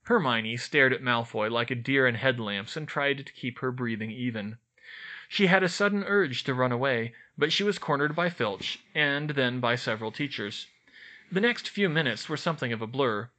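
A man reading a novel aloud as an audiobook narrator, expressive and animated. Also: medium pitch, normal speed.

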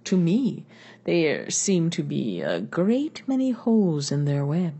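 A woman's voice: deep voice, very animated, slow pace, mellow, husky, highs cut off, exaggerated voice. A woman reading the lines of an older male philosopher in a patient, questioning manner. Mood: reasoning. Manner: reasoned, questioning delivery.

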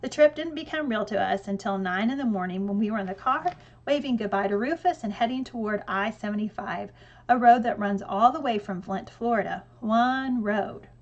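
A woman narrating an audiobook in a lively storytelling way with dry humor. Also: mid-range voice, fairly quick, highs cut off.

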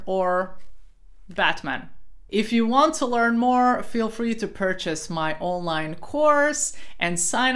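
A young woman teaching a voice lesson on false cord talking, joking playfully and dropping into a gravelly rattle for her demonstrations. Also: medium pitch, fairly bright tone. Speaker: vocal coach.

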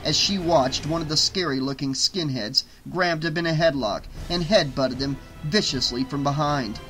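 A man narrates an audiobook in a bright, slightly high voice with a steady, even reading. Faint music plays softly underneath. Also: normal speed, rough recording. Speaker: audiobook reader.

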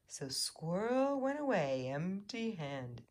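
A woman narrating children's picture books in a gentle, expressive storytelling voice. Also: on the low side, slow pace. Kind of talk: children's story read-aloud.

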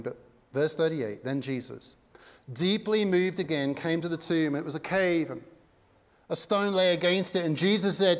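A male pastor preaching an impassioned sermon, swinging between loud and hushed. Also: on the high side, moderate pace. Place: church sanctuary. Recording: long reverb of a church hall.

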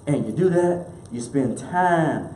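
High-voiced man preaching in an echoey room. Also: lively intonation, takes it slowly, dark tone, a little hiss or hum. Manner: emphatic preaching, repeats key lines, leads congregation call-and-response. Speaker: minister. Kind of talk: sermon.

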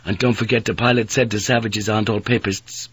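A man voicing an anxious, nearsighted merchant who speaks in a hushed, uneasy way. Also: lowish voice, steady tone, brisk, breathy edge, no room sound.

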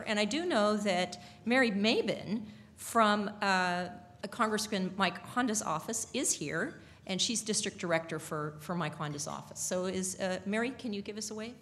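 A woman on a nonprofit's board welcoming guests at a dinner, speaking warmly with many fillers and restarts. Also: medium pitch, slight background noise. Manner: warm, halting, with many fillers. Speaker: board member introducing the event. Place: banquet hall.

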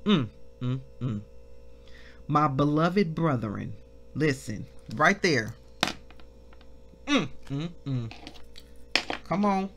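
Slow, lively-voiced woman preaching. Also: sits low, faint music behind. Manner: reads scripture slowly, breaks into shouts of praise. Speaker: minister. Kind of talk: devotional Bible teaching.

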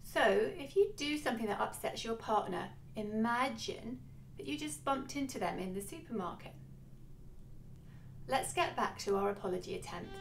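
A woman giving a scripted educational narration, speaking clearly, instructively and a little wryly. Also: fairly high pitch, animated, normal speed, background noise.

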